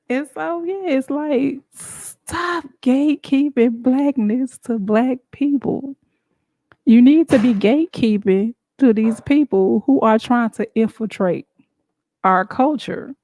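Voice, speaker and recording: A woman hosting a show, talking in a casual, animated and emphatic way with frequent laughs. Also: high-pitched, slow pace, no room sound. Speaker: show host. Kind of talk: casual talk-show monologue.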